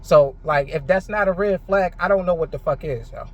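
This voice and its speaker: Speaking off the cuff to camera, this male vlogger has a fairly high voice at a normal pace, and the recording's upper frequencies are cut off. His monologue is an angry, meandering rant loaded with fillers and curses.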